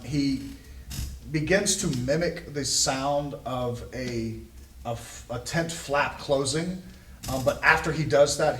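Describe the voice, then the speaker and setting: A man narrating as game master in a tabletop game, halting and full of ums and restarts. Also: mid-range voice, a bit bright, slight background noise. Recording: echoey room, mic far off.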